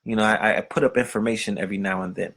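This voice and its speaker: A man's voice: fairly low pitch, fairly even intonation, racing, creaky, a bit bright, breathy edge. A man hosting a podcast, delivering a profane, streetwise rant full of rhetorical questions. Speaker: podcast host. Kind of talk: unscripted monologue.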